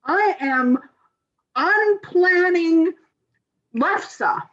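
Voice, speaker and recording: Brief: female improv player, very high voice, playful, slightly muffled lo-fi audio. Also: animated, fairly bright tone. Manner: quick, giggly, playful. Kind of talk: improv comedy game.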